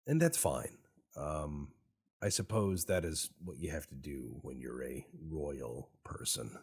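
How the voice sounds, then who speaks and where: A man with a very low, husky voice talks through a strategy game in a wry, sarcastic, meandering way. He speaks slowly, and his pitch swings widely as he jokes. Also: lively intonation, a little mellow. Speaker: gaming YouTuber. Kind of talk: casual gameplay commentary.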